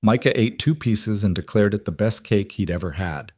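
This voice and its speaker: A man narrating a scripted story in a calm, even tone. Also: lowish voice, normal speed, no room sound.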